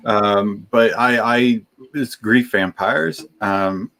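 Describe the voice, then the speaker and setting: Man, low voice, slow, halting, full of ums, podcast co-host. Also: slight background noise. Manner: halting, many restarts and ums, trying to stay calm. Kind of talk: casual panel chat.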